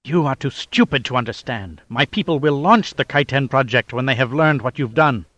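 A man's voice: medium pitch, animated, normal speed, sharp tone, dry recording, dull audio. A man doing a hissing hostage tycoon. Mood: menacing. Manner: hissing, stiff formal threats. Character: menacing male tycoon held hostage, cold threats.

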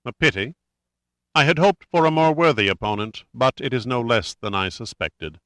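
A man's voice: medium pitch, moderate pace, fairly bright tone, dry recording, natural voice. A man voicing a cold, contemptuous male villain who speaks with commanding scorn.

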